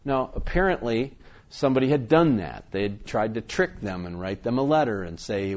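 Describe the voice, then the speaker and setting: A middle-aged pastor preaching a sermon, reading scripture slowly and with emphasis, then explaining in a relaxed, conversational way. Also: male voice, on the low side, muffled recording.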